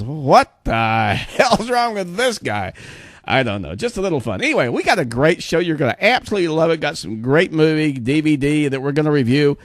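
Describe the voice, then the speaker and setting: A man's voice: on the high side, no room sound. Rambling older male show host. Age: 60s. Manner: rambling, full of fillers and asides. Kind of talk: casual monologue to viewers.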